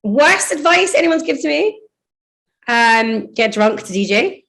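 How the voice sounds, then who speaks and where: A woman's voice: on the high side, very animated, a little slow, a bit bright. A woman with a British accent, a DJ and radio host, telling chatty stories in a casual interview. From United Kingdom. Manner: chatty anecdotal storytelling.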